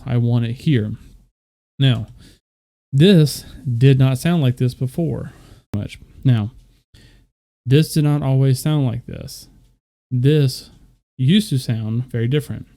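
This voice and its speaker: A man's voice: mid-range voice, warm tone. A young man casually walking viewers through his microphone settings, loose and rambling with fillers. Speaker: streamer explaining audio setup. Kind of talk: casual screen-share tutorial.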